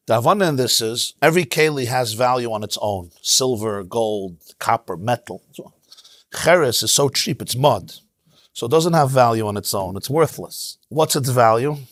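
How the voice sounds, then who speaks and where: A man teaching a Torah class as a rabbi, in an animated, emphatic way, sprinkling in Hebrew terms. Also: mid-range voice, no echo, clean studio sound. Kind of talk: lively Torah lecture. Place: synagogue.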